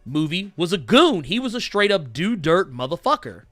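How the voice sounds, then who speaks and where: A man's voice: high-pitched, very animated, moderate pace, a bit bright, no echo, soft background music. A man in his thirties hosting a podcast, talking animatedly, laughing and swearing freely. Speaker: podcast host. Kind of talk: casual chat.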